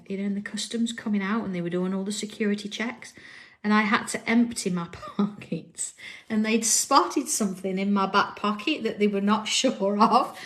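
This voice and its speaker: A woman chatting casually as she draws, reading viewer comments and telling stories, often laughing and dropping to near-whispers for asides. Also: mid-range voice. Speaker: crafting livestream host. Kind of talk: casual chat while drawing.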